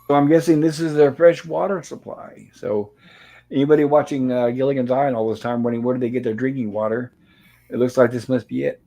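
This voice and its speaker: A man's voice: mid-range voice, dark tone, rough recording. A man in the middle of his range recaps old sitcom episodes in a loose, chatty way. He reads the characters' lines aloud as he goes and drops dry little asides between them. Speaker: show host reviewing old TV episodes. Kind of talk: casual recap and commentary.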